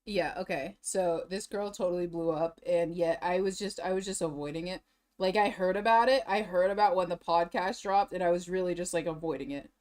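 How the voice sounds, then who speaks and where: A tired, drained woman talks casually on a livestream, rambling and repeating herself. Her voice swings between heavy flatness and bursts of high, laughing emotion. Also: a little fast. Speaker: streamer.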